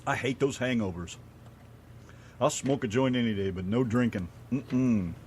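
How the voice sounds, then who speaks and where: A man's voice: medium pitch, moderate pace, darkish tone, a little hiss or hum. A middle-aged American man co-hosting a radio show, telling rambling stories and swearing casually. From United States.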